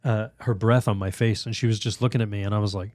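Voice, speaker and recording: A priest telling a lively story in a podcast interview, laughing often, acting out other people's voices, with halting restarts. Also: male voice, on the low side, dry recording, clean studio sound. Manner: animated, laughs often, acts out quoted voices. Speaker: priest guest.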